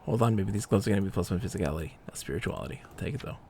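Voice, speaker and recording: A man's voice: deep voice, expressive, rapid-fire, gravelly, a little mellow, slight background noise. A man streaming live gameplay, muttering to himself and reading item text aloud as he plays.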